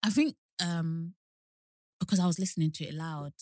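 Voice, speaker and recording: Young woman, podcast co-host, low-ish voice, dry close mic, lively storyteller. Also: moderate pace, no echo. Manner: animated, repeats herself, acts out quotes in higher voice. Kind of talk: casual chat.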